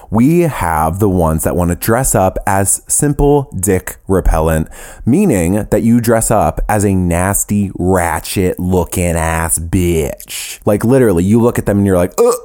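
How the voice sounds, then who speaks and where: A man with a fairly low voice hosts a casual solo podcast and talks straight to his listeners. He is sassy, animated and profane, and he breaks into playful laughs. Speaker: podcast host.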